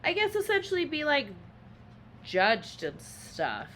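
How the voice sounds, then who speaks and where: A woman's voice: high voice, wildly swooping pitch, slow pace, fairly bright tone, a little hiss or hum. A woman co-hosting a podcast, retelling a book's plot in casual chat with lots of filler words. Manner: rambling retelling with many fillers. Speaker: podcast co-host.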